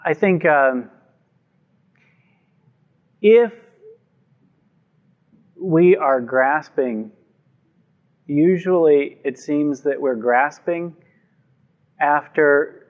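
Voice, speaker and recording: A man giving a calm, measured talk on meditation to a group, speaking into a microphone. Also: on the high side, phone-quality sound. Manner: calm, measured, gently reflective. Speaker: meditation teacher. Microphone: microphone before a group.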